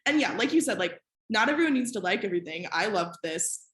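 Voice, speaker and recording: A woman's voice: medium pitch, expressive, fast talker, fairly bright tone, roomy sound. A woman hosting a podcast, chatting casually with many "like" fillers. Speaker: podcast host.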